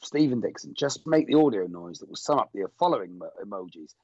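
Chatty man with a lively voice. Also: lowish voice, fast talker, husky, no echo. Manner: chatty, reads out listener messages. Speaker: podcast co-host. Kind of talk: casual chat. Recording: dry, slightly muffled lo-fi recording.

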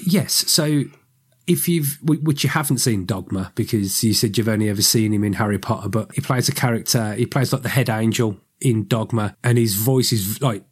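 A man's voice: on the low side, normal speed, breathy edge. A man co-hosting a podcast, chatting casually about a book and its film, rambling and correcting himself. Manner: rambling, self-correcting, animated. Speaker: podcast co-host.

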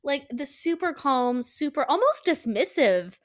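Lively high-voiced woman podcast host. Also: unhurried. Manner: animated, swearing, acts out quotes from scenes. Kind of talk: casual chat.

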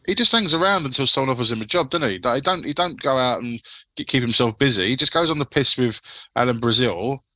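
Bright-voiced man hosting a casual podcast. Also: medium pitch, expressive, fast, no echo. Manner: rambling, swears casually, asks co-hosts' views. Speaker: podcast host. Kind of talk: casual football chat.

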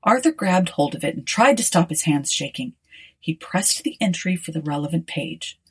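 A woman narrating an audiobook in a wry, expressive storytelling manner. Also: low-pitched, moderate pace, husky.

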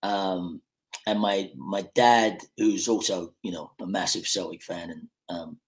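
A man from Scotland, an actor guest on a podcast, telling stories in a relaxed way with lots of fillers and restarts. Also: sits low, measured pace. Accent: mixed Scottish and English, Americanised. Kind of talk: casual podcast chat.

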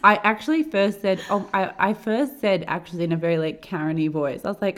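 A woman, co-hosting a podcast and telling a story in a fast, animated way with lots of fillers. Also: medium pitch. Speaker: podcast co-host. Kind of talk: casual chat.

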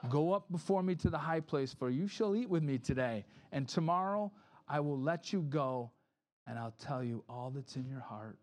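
A pastor delivers a conversational sermon in a somewhat high, expressive male voice that's a little mellow, at a moderate pace. He acts out quoted voices, often asks "right?", and restarts his sentences.

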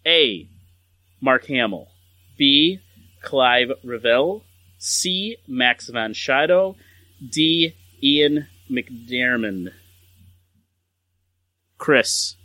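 A man hosting a casual trivia game among friends, reading out questions and multiple-choice answers deliberately. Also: mid-range voice, expressive, sharp tone, no echo. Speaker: trivia quiz host. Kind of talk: casual game-show chat.

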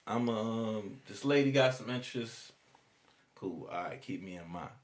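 A man telling a story in casual chat, slangy and animated, jumping his voice up to act out quoted people. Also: lowish voice, unhurried.

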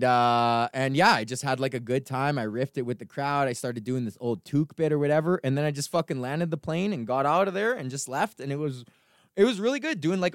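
Recorded with clean studio sound and no room echo, this podcast host from Canada has a voice on the high side. He spins profane, meandering stories in a casual rant, punctuated by laughs.

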